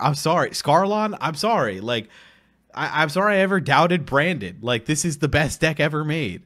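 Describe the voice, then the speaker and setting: A young man streaming a card game, giggling and excitedly calling out each play as it happens. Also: fairly high pitch, normal speed. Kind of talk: live gameplay commentary.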